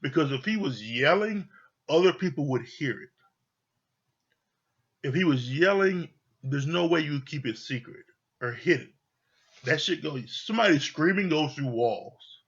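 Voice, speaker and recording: A man's voice: fairly high pitch, expressive, measured pace, pauses often, fairly bright tone, slightly rough. A man giving casual, opinionated commentary on a reality show, blunt and profane, often repeating himself. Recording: dull lo-fi audio.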